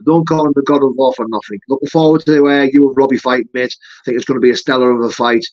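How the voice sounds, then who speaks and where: A man's voice: mid-range voice, steady tone, fast, a little mellow, highs cut off. A man, a fighter chatting casually on his live stream and answering viewer comments, full of "mate" and "you know". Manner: matey, peppers talk with "mate" and "you know".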